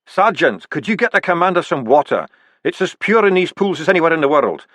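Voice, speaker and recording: An earnest, urgent dwarf priest, voiced by a man, pressing his point with a lively, rising voice. He talks fast and persuasively, and his delivery is dry and close. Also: on the high side, no room sound, pitched above the performer's own voice.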